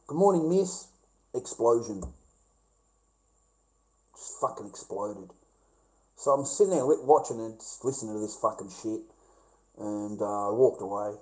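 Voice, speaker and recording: A man's voice: on the low side, darkish tone, poor audio. A middle-aged man with an Australian accent, telling a rambling, repetitive, profane story to camera. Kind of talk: casual rant to camera.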